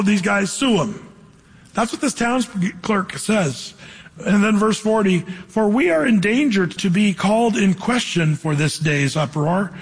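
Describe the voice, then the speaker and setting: A man preaching a sermon, reading scripture slowly and then explaining it in casual, slangy talk. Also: high voice, slightly rough. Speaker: pastor. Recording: long hall reverb.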